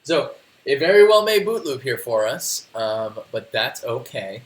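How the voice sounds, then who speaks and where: A man's voice: medium pitch, sing-song, unhurried. Casual male livestream host, rambling tech walkthrough, roomy echo. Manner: chatty, rambling, reads chat aloud, restarts often. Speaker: live stream host. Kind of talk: casual tech tutorial on a live stream. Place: home desk.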